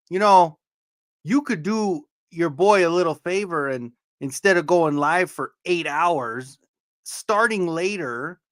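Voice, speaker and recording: A joking man hosts a casual livestream and greets his chat by name. His voice sits a little high for a man. The sound is dry and close. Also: a bit bright, no room sound. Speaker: livestream host.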